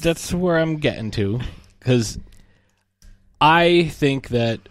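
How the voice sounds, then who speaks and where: A man's voice: fairly high pitch, takes it slowly, dry recording. Man retelling a movie, dry sound. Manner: animated storytelling with frequent laughs and fillers. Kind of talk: casual movie discussion.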